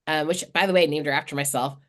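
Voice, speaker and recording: Candid, swearing woman guest, low voice. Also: racing. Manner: candid, swears freely, lively. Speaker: podcast guest. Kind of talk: casual chat.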